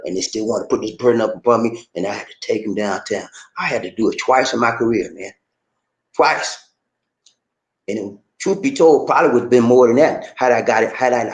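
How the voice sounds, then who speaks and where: An emphatic middle-aged man with a mid-range voice gives a lively, lecturing monologue as an online commentator. The tone is casual and preachy, repetitive, and he keeps addressing the listener as "man." The recording echoes in the room.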